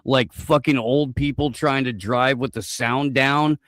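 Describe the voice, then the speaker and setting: A man's voice: medium pitch, fairly even intonation, measured pace, fairly bright tone, dry recording, studio quality. A man hosting a casual chat, rambling and sardonic, with plenty of swearing. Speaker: host.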